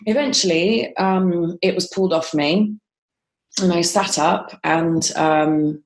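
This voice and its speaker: Woman guest, low pitch, gravelly fry, hesitant storytelling with ums. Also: slow. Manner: frequent ums and restarts, quoting others as she tells it. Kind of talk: conversational interview storytelling.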